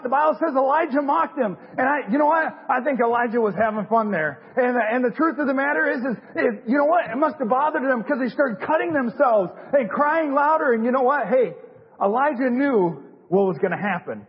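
An excitable male preacher with a very high, husky voice delivers a fervent sermon, circling back again and again to his pet phrases. He speaks from a church sanctuary with a long reverb trailing his words, and the recording sounds dull and lo-fi. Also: a little fast. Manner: excitable, repeats "hey, listen" and "you know what". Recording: echoey hall, muffled lo-fi recording.

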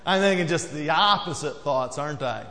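A man preaching a sermon as pastor, talking to the congregation in a conversational way and often dropping low and quiet to stress a point. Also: lively intonation, normal speed, roomy sound, big-room sound. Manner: conversational preaching, acts out quoted voices, drops low and quiet for emphasis. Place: church sanctuary.

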